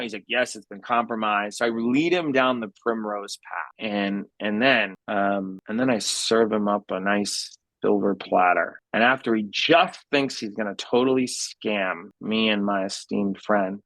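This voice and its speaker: Guy giving a business talk, lowish voice, dry sound, tells stories, keeps restarting his sentences. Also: moderate pace, vocal fry, few pauses, no room sound, rough recording. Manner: animated storytelling, many repeated starts. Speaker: keynote speaker. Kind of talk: conference talk with anecdotes. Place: meeting room.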